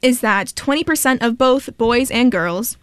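A woman's voice: a little high, a bit bright, dry recording, studio quality. A young woman hosting a student radio talk show, chatty and playful. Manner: chatty, playful, quick to laugh. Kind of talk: casual radio chat.

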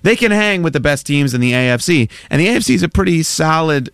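A man co-hosting a casual sports podcast, talking through football in a steady, analytical way. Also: a little high, fast, vocal fry, clean tone, no room sound, clean studio sound. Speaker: podcast co-host.

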